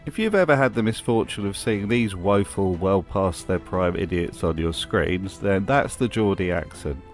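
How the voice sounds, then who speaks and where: A man's voice: low voice, lively intonation, normal speed, soft background music. A man hosting a scripted commentary voice-over in a sardonic, mocking way. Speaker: host.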